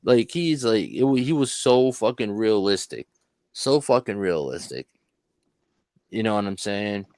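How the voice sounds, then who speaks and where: A man hosting a podcast, talking casually about a film in a rambling, profane, animated way. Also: lowish voice, unhurried, no room sound, clean studio sound. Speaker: podcast host.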